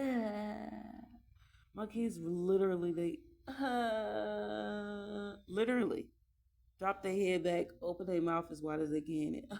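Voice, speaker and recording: A woman's voice: mid-range voice, creaky. A young mother talking about raising her children in a casual, emphatic monologue, repeating herself to drive points home.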